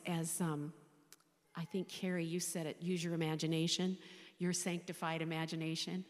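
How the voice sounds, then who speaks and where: A woman in her sixties, a chaplain, giving an emotional personal faith testimony, speaking haltingly and often dropping to a whisper. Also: on the low side, darkish tone. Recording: long hall reverb.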